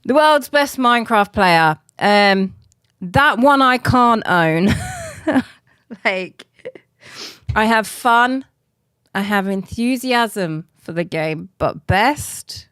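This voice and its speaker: A middle-aged British woman streaming a game, chatting casually and self-mockingly, laughing often and counting softly under her breath. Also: mid-range voice, sing-song, slow, no echo, studio quality. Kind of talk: casual live-stream chat while playing.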